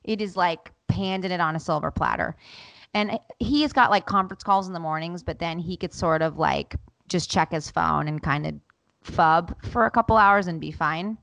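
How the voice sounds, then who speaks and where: A bright, forceful woman co-host in her thirties tells a story with lots of fillers and acted-out voices. The recording is close and dry. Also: fairly low pitch, moderate pace, vocal fry, no echo. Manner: animated, acts out quoted voices, lots of fillers. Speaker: podcast co-host. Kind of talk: casual chat, storytelling.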